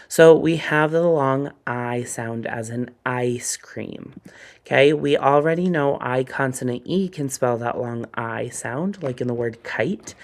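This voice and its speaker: A man teaching a phonics lesson, slowly and deliberately sounding out words letter by letter. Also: medium pitch, gravelly.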